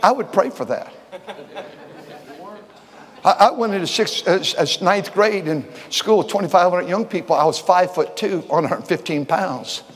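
An older man preaching a folksy sermon, repeating words and swinging from shouts to quiet talk. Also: high-pitched, expressive, normal speed, slightly rough. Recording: long hall reverb.

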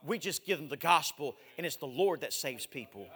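A man in his forties preaching a missionary sermon, swinging from loud exhortation to hushed, drawn-out words. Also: fairly high pitch, animated, slightly rough. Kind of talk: evangelistic sermon with live demonstration. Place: large church sanctuary. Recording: echoey church hall.

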